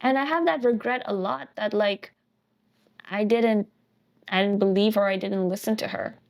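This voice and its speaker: A woman's voice: mid-range voice, moderate pace, gravelly. A woman, a podcast guest, telling a personal family story earnestly, often restarting and correcting herself mid-sentence.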